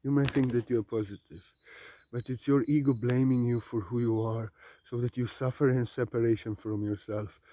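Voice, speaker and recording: A man's voice: medium pitch, steady tone, normal speed. Emphatic, repetitive male spiritual teacher. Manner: emphatic and repetitive, swinging between loud urging and quiet musing. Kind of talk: unscripted spiritual talk to camera.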